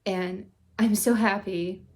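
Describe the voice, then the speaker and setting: A woman hosts a casual reaction video, reviewing an episode in an effusive, excitable way. Her voice sits at a middling pitch for a woman, and she gushes freely as she talks. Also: slow.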